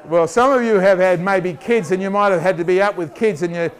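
A man preaching a lively sermon, joking and acting out voices and scenes for the congregation. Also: sits high, fairly quick. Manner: animated, jokey, acts out voices.

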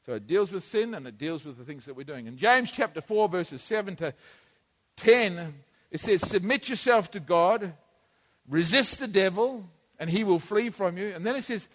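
A man with a high voice delivers a sermon in a church hall, talking to the congregation loosely and conversationally at a moderate, animated pace. He moves between quiet asides and emphatic bursts. A long reverb lingers through the hall.

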